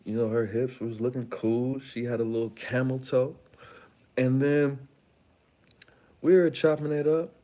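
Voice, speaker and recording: A man's voice: medium pitch, level tone, measured pace, pauses often, warm tone. A man hosting his own channel, telling a long story in a rambling, slangy, casual way with lots of asides. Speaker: channel host.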